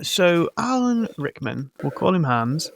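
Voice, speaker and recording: A man's voice: a little high, big pitch swings, measured pace, vocal fry, slight background noise. A man co-hosting a podcast, recapping a film in a rambling, jokey, sarcastic way. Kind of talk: casual film-recap chat.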